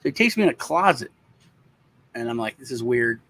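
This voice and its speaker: A briskly paced male co-host with a medium-pitched voice tells a long, casual story about himself. He's lively, swearing at times and acting out how the people in it sounded.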